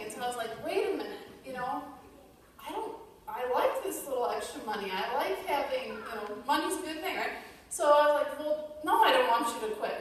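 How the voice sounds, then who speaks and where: A woman's voice: sits high, slight background noise. A woman telling a personal story to an audience in a chatty way, full of fillers. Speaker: speaker at a company event. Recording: echoey hall recorded from far off.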